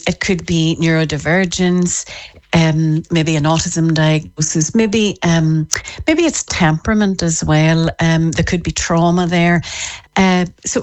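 A woman, a parenting author explaining her ideas in an interview in a lively way. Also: sits low. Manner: lively, acts out parents' voices in quotes. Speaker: parenting author and expert guest.

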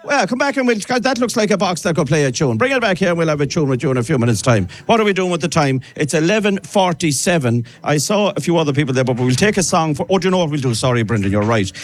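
A man's voice: fairly high pitch, animated, fast, few pauses. An Irish man presenting a live local radio broadcast from an outdoor event, chatty and upbeat, often repeating names. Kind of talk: live outside broadcast chat.

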